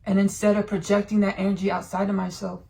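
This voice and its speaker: A woman hosting a podcast, giving a channeled spiritual monologue and sharing personal thoughts in a slow, drawn-out, meditative way. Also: medium pitch, level tone, vocal fry, mellow. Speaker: podcast host.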